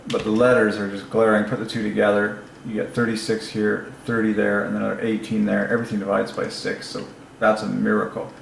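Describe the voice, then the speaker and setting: A man hosting his own channel, talking alone in a casual, excited way, musing aloud and laughing to himself, recorded on a lapel mic. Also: fairly low pitch, a little fast, creaky, reverberant, slight background noise, rough recording. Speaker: religious channel host. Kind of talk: solo casual commentary.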